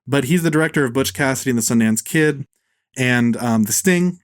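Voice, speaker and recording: A man hosting a casual film podcast, talking bluntly, swearing freely and tossing in quick impressions of actors. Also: mid-range voice, no echo, clean studio sound. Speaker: podcast host. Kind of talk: casual film review chat.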